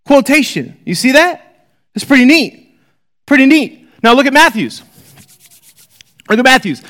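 High-voiced man teaching Bible study. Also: moderate pace, pauses often. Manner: animated, reads scripture aloud with rising emphasis; chatty and informal, many asides to listeners.

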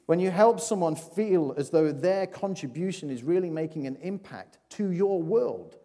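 A man's voice: a little high, lively intonation, normal speed, mellow. Chatty man, echoing church hall. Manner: chatty and playful, asks the audience questions, often restarts. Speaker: preacher giving a children's talk. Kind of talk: informal children's talk in a church service. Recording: long reverb of a large hall.

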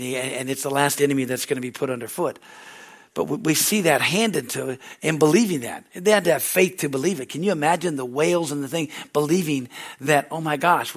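Man preaching, church service, lively animated storytelling, loud laugh, higher voice. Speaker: pastor. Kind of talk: sermon.

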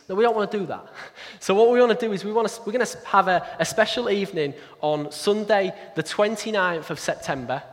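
A man giving a sermon in a conversational, self-deprecating way, with quick asides. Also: sits high, a bit bright. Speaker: pastor. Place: church hall. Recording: echoey church hall.

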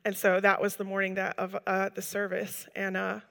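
A woman shares a heartfelt testimony before a live gathering, talking earnestly and loosely with lots of "like"s. Her voice has a bright, sharp edge, and it carries a long reverb off the walls of a large hall. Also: medium pitch, completely flat delivery, normal speed, gravelly. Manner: earnest, rambling storytelling with many "like"s. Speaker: church member giving a testimony.

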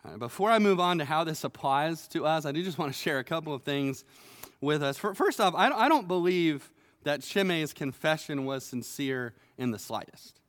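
High-voiced preacher with a clear tone. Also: male voice, normal speed. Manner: earnest storytelling, animated with occasional stammered restarts. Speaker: pastor. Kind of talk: sermon. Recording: long hall reverb.

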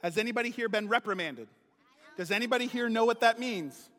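A man, a pastor, giving a playful, animated children's sermon, talking straight to the kids. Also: very high voice, a little fast. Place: church sanctuary. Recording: long hall reverb.

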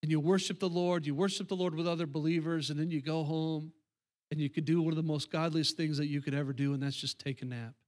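High-voiced man preaching emphatically. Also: level tone, a little mellow. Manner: emphatic, repetitive preaching with pauses. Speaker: pastor. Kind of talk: sermon. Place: church sanctuary.

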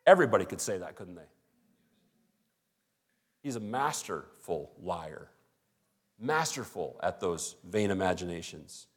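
Man preaching in a low, conversational voice. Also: sing-song, a little slow, pauses often. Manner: conversational preaching, acts out little dialogues. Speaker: pastor. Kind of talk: sermon.

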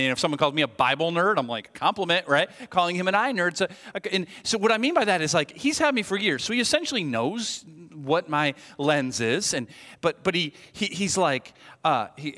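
A man in his forties preaching a sermon, chatty and animated, telling jokes about himself and stumbling over restarts. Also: mid-range voice. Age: 40s. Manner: animated, chatty, self-deprecating, lots of restarts. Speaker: pastor. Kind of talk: sermon with humorous stories. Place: church sanctuary. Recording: reverberant hall.

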